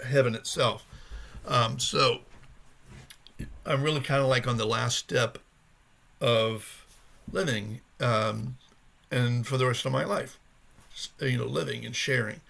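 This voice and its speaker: A man's voice: medium pitch, steady tone, takes it slowly, vocal fry, long pauses, fairly bright tone. A man talking in a casual personal vlog about his recovery journey, earnest and rambling as he searches for his words.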